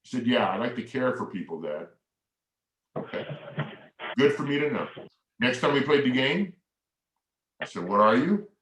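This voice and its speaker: A man's voice: mid-range voice, very animated, normal speed, long pauses, fairly bright tone. Middle-aged man telling stories in an echoey hall. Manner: acts out both sides of remembered dialogue. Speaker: keynote speaker. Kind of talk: storytelling keynote talk. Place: large hall. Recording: echoey hall, mic far off.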